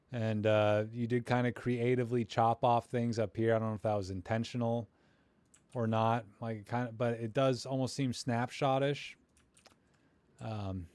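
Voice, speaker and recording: Male streamer, middle-pitched voice, chatty and rambling, dry close sound. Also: a little mellow, no room sound. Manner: rambling, filler-heavy, self-deprecating; friendly, encouraging toward viewers. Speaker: livestream host critiquing viewer photos. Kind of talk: casual live-stream commentary.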